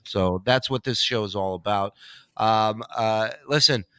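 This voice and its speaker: A man's voice: lowish voice, a little slow, a bit bright, clean tone, no echo. Teasing, profane male podcast host. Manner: teasing, profane, laughs often. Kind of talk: casual comedic banter.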